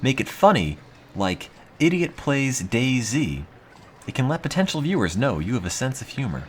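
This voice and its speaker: A man streaming casually, reading aloud with a dry, deadpan, self-mocking monotone. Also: medium pitch, a little fast, slight background noise. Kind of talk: casual live-stream chat.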